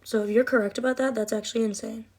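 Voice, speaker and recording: A woman's voice: on the high side, fairly even intonation, quick pace, a little mellow, slightly rough. A young woman chatting casually on a livestream, rambling, emotional and swearing often. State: cold, shivering.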